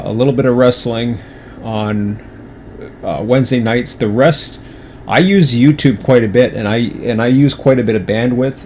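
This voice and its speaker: A man's voice: on the low side, gravelly, a little mellow, slight background noise. A man chatting casually on a livestream, rambling with many restarts and fillers, at times with his mouth full. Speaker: streamer.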